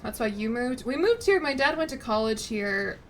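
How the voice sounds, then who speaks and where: A young woman from Chicago, chatting casually and rambling as she streams, quick to laugh. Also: fairly high pitch, sing-song, fairly bright tone, slight background noise. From Chicago, United States. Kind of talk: casual chat while streaming.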